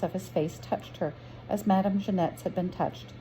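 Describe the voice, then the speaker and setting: A woman storyteller reading a children's book aloud with a gentle, expressive manner. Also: fairly low pitch, normal speed, a little hiss or hum.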